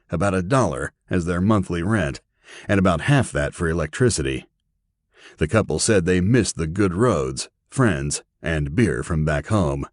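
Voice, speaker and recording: A man reading an audiobook with steady, even narration. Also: sits low, no room sound, clean studio sound.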